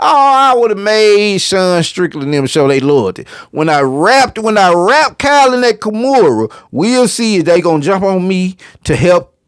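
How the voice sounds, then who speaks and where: A man's voice: high voice, no echo. A man hosting a reaction video, commenting casually on a clip in a slangy, profane way.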